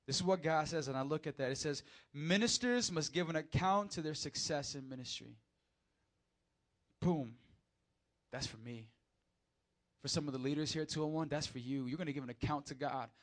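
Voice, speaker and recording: A young man preaching a casual, lively sermon in church, talking directly to the crowd and swinging between quiet asides and loud peaks. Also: fairly high pitch, fairly quick. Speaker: pastor.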